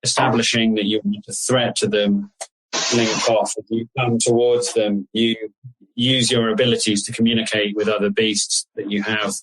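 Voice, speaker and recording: A man's voice: lowish voice, level tone, normal speed, background noise. A man narrating as the game master of an improvised tabletop game, loose and casual, swearing freely.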